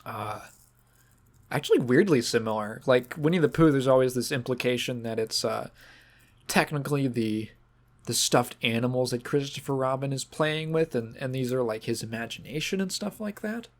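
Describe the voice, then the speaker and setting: Podcast host, male, mid-pitched, emotional and halting, holding back tears. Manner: halting, sentimental, restarts often; choked up, fighting back tears. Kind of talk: casual podcast monologue.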